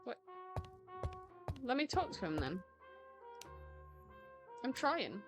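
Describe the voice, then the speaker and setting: A woman's voice: fairly high pitch, sing-song, slow pace, over music. A woman chatting casually as she streams a video game, often confused and laughing. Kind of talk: casual let's-play commentary.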